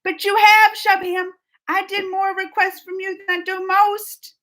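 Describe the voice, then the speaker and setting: A woman with a New Orleans Southern accent hosts a casual live stream, her voice sitting notably high. She reads viewer comments aloud in a chatty, rambling way, laughing often and cutting herself off to start sentences over. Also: flat delivery, unhurried, sharp tone. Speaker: YouTube reaction host reading live chat.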